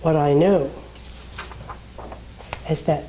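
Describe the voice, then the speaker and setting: A woman's voice: low voice, lively intonation, unhurried, pauses often, warm tone, slight background noise. A woman minister preaching in a conversational way, telling a personal story and acting out the people in it.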